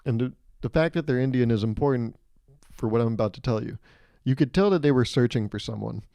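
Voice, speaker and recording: A man hosting a solo comedy podcast, telling animated, self-mocking stories and laughing mid-sentence. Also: medium pitch, fast, creaky, no room sound, studio quality. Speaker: podcast host.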